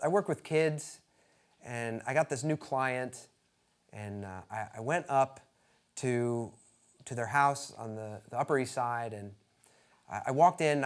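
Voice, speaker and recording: A man in his thirties telling a self-mocking stand-up story, animated and jumping between characters. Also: medium pitch. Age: 30s. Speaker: stand-up comedian. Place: comedy stage.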